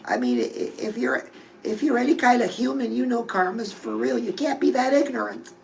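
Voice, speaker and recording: A woman's voice: a little high, lively intonation, fairly quick, creaky, a little mellow, slight background noise, low-quality recording. A woman hosting a love and dating advice show, talking casually and confidingly to her listeners. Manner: chatty, confiding, addresses listeners as girl. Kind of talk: casual advice talk to viewers.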